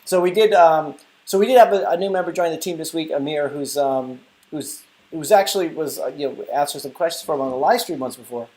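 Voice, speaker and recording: A man's voice: fairly high pitch, fairly quick, hardly any pauses, darkish tone. A young adult man hosting a casual live stream, rambling and chatting through viewer comments. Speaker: live stream host and app developer.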